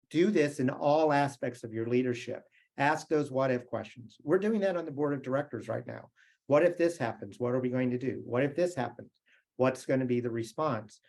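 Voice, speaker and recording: A man's voice: medium pitch, a little mellow. A middle-aged man from the United States giving a motivational keynote, telling stories in a conversational way and asking the audience questions. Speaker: keynote speaker.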